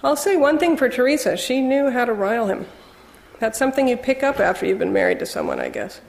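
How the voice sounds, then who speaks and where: A woman narrating a first-person novel in a wry, measured storytelling manner. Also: fairly high pitch, huge pitch swings, creaky, big-room sound. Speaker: audiobook narrator.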